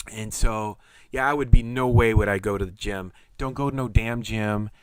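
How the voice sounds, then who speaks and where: A man's voice: fairly low pitch, fairly even intonation, moderate pace, smooth, no room sound. A middle-aged man telling his own story of surviving a serious illness, rambling and earnest, often repeating himself. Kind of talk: casual personal testimony.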